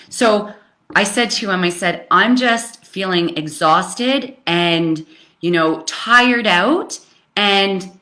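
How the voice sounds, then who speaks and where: A woman's voice: medium pitch, pushed and bright. A woman giving a casual live coaching talk on relationships, speaking candidly and emphatically, swearing freely and rambling with fillers. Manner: rambling with frequent fillers and restarts.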